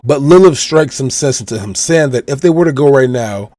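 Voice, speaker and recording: A man's voice: mid-range voice, animated, brisk, a little mellow, no echo, studio quality. A man from Chicago hosting a podcast, casually retelling a comic chapter step by step and quoting the characters' lines. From Chicago, USA. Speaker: podcast host.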